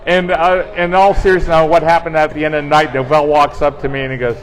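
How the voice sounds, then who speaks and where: A man telling animated, funny anecdotes in a casual chat, acting out quoted dialogue. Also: fairly high pitch, quick pace, few pauses, rough recording. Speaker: guest storyteller on team talk show. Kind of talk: casual storytelling.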